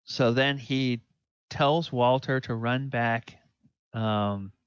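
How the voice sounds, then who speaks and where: A man narrating as game master of a tabletop game, unhurried, with fillers and pointing at the map. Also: mid-range voice, steady tone, clean tone, dry recording, highs cut off.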